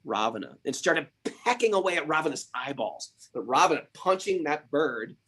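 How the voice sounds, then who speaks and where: A man's voice: a little high, sing-song, moderate pace, pushed and bright, slight background noise. A man hosting a spiritual podcast, retelling stories with emphatic rhetorical questions. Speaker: podcast host. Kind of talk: spiritual storytelling and teaching.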